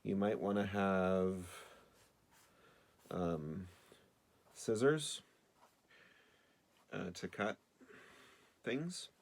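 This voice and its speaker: Male teacher, low voice, relaxed remote lesson for kids, chatty, self-deprecating, lots of ums. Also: extremely slow, gravelly, long pauses. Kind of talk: casual remote video lesson for children.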